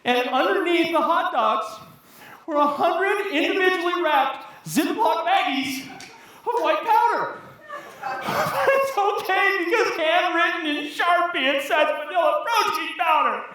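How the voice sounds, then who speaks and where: A woman telling a comic story on stage, animated and laughing often. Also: extremely high pitch, measured pace. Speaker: storytelling contestant. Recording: echoey hall from a distance.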